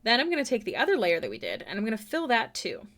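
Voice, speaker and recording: A young woman talks to her stream from a desk at home as she draws, casual and self-deprecating. Her pitch swings widely, and she breaks into excited exclamations easily. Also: fast. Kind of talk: casual live-stream chat while drawing. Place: home room.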